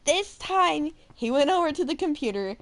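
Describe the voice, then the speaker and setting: A woman who works as a substitute teacher, telling a story in a casual, animated way and laughing through it. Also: sits high, normal speed, dry recording.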